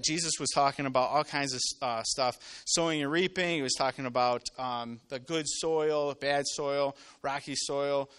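A man preaching a sermon to a live congregation, telling stories and acting out voices, swinging from loud to quiet. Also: medium pitch, clean tone. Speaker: pastor. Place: church with live audience.

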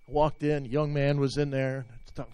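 A man's voice: mid-range voice, level tone, moderate pace, clean tone, no room sound. A man preaching as a pastor, telling a heartfelt story and praying, his voice breaking as he fights back tears. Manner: emotional storytelling, voice breaking, tearful. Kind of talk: sermon and prayer. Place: church service. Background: soft instrumental music.

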